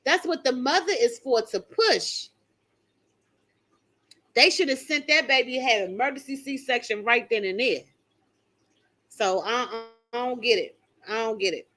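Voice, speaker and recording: A woman's voice: a little high, fairly bright tone. Older woman hosting a live stream, emphatic and talking straight to viewers. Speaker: channel host reading viewer comments. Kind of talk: casual live-stream chat.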